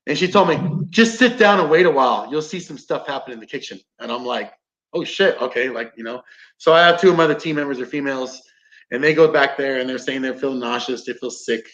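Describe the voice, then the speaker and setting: Brisk and fairly bright at a medium pitch, a combatives instructor on a podcast tells a story casually. Plenty of swearing and acted-out quotes fill it, heard through roomy, dull lo-fi sound.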